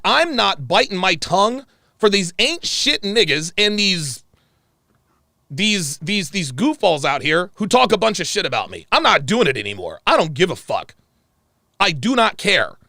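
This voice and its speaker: A man's voice: vocal fry, no room sound, studio quality. A man hosting a livestream, delivering a heated, profane rant and repeating phrases for emphasis. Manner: angry, profane, repeats himself; animated pitch swings. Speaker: show host.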